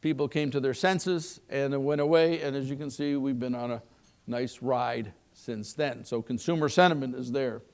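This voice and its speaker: Gravelly-voiced man giving a folksy keynote. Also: mid-range voice, steady tone, moderate pace. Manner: folksy, joking, asks the audience questions. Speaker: keynote speaker on the economy. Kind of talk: live keynote talk with anecdotes.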